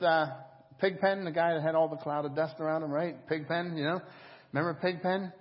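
Husky-voiced pastor preaching in a hall. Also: male voice, a little high, normal speed. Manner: storytelling, animated and conversational. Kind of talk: sermon. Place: church service. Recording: dull echoing church hall audio.

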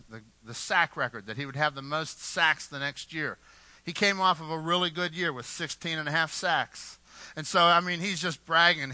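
A male pastor preaching a Sunday sermon with a very bright, forceful tone and fairly high pitch. He speaks emphatically, stumbling into fillers and restarts as he drives each point home. The sound is dry and close. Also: no echo, low-quality recording.

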